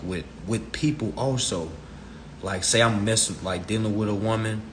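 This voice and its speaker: A man's voice: fairly low pitch, fairly bright tone, slight background noise. A man on a live stream, ranting in a blunt, profane, preachy way into his phone. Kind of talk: casual rant.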